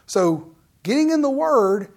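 A man delivering a relaxed, conversational sermon. He preaches in a folksy, animated way, often turning to the listeners with direct questions and asides. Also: extremely high pitch, takes it slowly, creaky.

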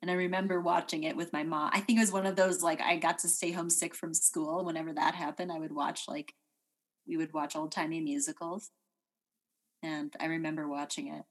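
Chatty American woman, low-pitched. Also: little pitch movement, fairly quick. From United States. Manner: chatty, laughs often, trails off with fillers. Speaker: podcast co-host. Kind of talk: casual chat.

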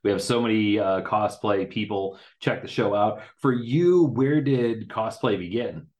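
Host it as a man with a slightly low voice, joking at your own expense, halting. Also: darkish tone. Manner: rambling, self-deprecating, halting restarts. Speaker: podcast host. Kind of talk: casual interview talk.

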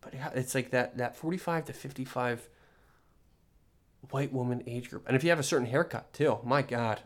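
A man's voice: mid-range voice, normal speed. A young man hosting a solo podcast, rambling in an exasperated, joking rant with many restarts. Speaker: podcast host.

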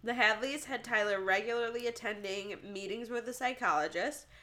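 A woman's voice: a little high, normal speed, sharp tone. A woman co-hosting a casual true-crime podcast, reading out case notes and joking and laughing between the facts. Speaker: podcast co-host.

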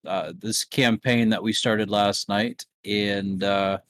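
Man, laid-back co-host, slow and halting, teasing; dry mic. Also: lowish voice, steady tone, fairly bright tone, no room sound. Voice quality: teasing, laughs often, halting with fillers. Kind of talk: casual chat.

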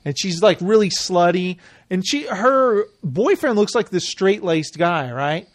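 High-voiced man laughing through a recap. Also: animated, measured pace, no echo, studio quality. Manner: laughs a lot, retells scenes in mock voices. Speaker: podcast co-host. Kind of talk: casual chat recapping a reality show.

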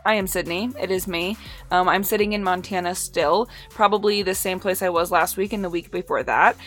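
A woman's voice: lowish voice, fairly even intonation, fairly quick, a bit bright, faint music behind. A young woman from Indiana with a light Midwestern accent, hosting a casual solo podcast, rambling and chatty with lots of fillers, a bit tipsy from wine. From Indiana, USA. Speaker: podcast host.

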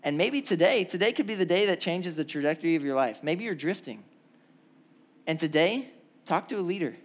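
A young man preaching to a church gathering, earnest and full of lively stories. His voice sits a little high and carries through a church hall. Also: brisk. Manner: animated storytelling, lively and earnest. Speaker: pastor. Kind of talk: sermon.

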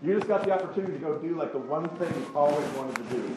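A man teaching a Bible class in a lively conversational way, often acting out quick voices of other people for the group. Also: on the high side. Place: class room in front of a group. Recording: echoey room with background noise.

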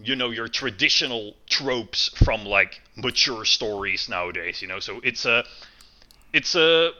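A man's voice: measured pace, highs cut off. A man co-hosting a podcast, talking in a loose, rambling way with lots of fillers and restarts. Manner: rambling, many fillers and restarts, lively swings in pitch. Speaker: podcast co-host. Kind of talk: casual chat.

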